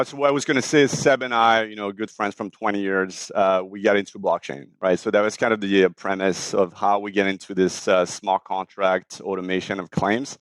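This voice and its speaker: A man in his forties with a French accent, explaining his startup in an interview with frequent pauses and fillers. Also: low-pitched, no echo. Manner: many fillers and restarts, explanatory. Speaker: startup founder, guest. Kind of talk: casual interview talk.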